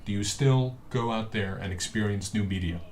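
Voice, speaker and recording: A man's voice: lowish voice, normal speed, a little mellow, a little hiss or hum. A man hosting a casual live stream, rambling with many fillers and restarts, picked up by a webcam microphone. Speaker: streamer host.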